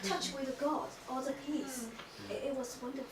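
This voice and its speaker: A woman with a high voice shares a personal testimony, halting and restarting often as she searches for words. Her voice is caught from across an echoey room, with steady noise underneath. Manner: halting, emotional, many restarts. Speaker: church member giving testimony. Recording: echoey room, mic far off, noisy.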